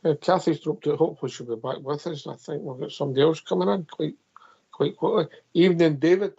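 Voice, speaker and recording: A man's voice: on the high side, fast talker, creaky, warm tone, breathy edge, no room sound, lo-fi sound. A Scottish man hosting a radio phone-in, bantering casually with callers. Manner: friendly banter, says aye and mate.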